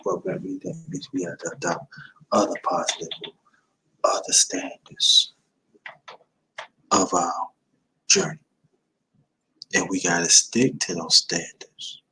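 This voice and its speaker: A man in his fifties speaks in a lowish voice with a bright, forceful edge. He hosts a livestream and gives motivational advice, repeating and stressing his points like a preacher. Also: very animated, a little slow, vocal fry, long pauses, husky, low-quality recording. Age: 50s. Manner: emphatic and repetitive, preaching-like. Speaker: livestream host.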